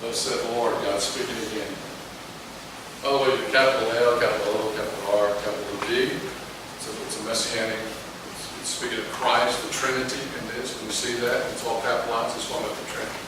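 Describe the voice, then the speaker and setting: A man's voice: mid-range voice, little pitch movement, a little fast. A man preaching a sermon in a casual, folksy way, asking the congregation questions and acting out voices of the people in the story. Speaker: pastor. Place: church sanctuary. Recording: echoey room, distant mic, background noise.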